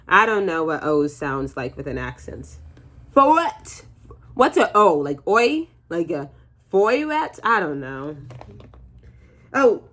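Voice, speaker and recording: A woman's voice: deep voice, fairly bright tone. A woman in her twenties chatting casually through a makeup tutorial, jokey and rambling, with fillers and the odd swear word. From United States. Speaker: beauty vlogger.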